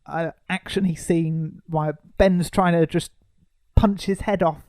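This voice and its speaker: Casting note: man, fairly high voice, dry close mic, sarcastic film-review banter. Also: steady tone, takes it slowly, a little mellow, no echo. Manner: wry, sarcastic asides. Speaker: podcast co-host. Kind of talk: casual film review chat.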